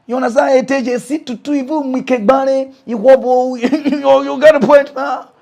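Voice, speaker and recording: A man with a Nigerian Pidgin accent, hosting a mock news comedy show as an animated, laughing ranter who swings between shouting and muttering. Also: extremely high pitch, moderate pace, gravelly, hardly any pauses. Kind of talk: comic pidgin rant.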